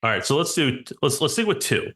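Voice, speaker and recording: A man's voice: medium pitch, big pitch swings, brisk, fairly bright tone. A man hosting a podcast, running a casual dad-joke segment with many "all right"s and easy laughter. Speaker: podcast host.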